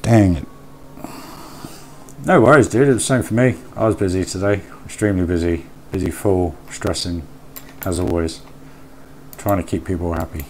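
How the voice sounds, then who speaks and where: Male streamer, deep voice, easygoing chat with viewers, thinks aloud, faint background noise. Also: moderate pace, pauses often, darkish tone. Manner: chatty, reads and answers chat aloud, mutters while working. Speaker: live streamer. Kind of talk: casual live-stream chat while building in a game.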